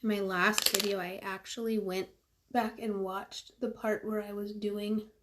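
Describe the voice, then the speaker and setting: A woman's voice: medium pitch, level tone, unhurried, heavy background noise. A woman from California chatting casually through a livestream while she does her makeup, rambling with lots of fillers.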